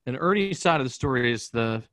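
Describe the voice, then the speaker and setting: A man, a podcast guest, telling a personal story in a rapid, profane, vivid way. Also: medium pitch, lively intonation, a bit bright, no room sound, low-quality recording. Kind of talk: candid storytelling in an interview.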